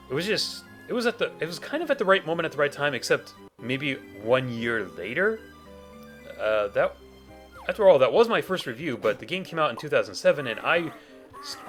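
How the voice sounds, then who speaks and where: A man doing let's play commentary as a gaming YouTuber, talking in a rambling way and often correcting himself. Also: mid-range voice. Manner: rambling, animated, self-correcting.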